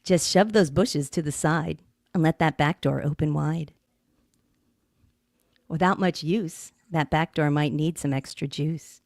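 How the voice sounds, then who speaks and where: A woman's voice: deep voice, darkish tone, no echo, clean studio sound. A woman co-hosting a podcast, reading listener-sent comic poems and breaking into laughter often. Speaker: podcast co-host.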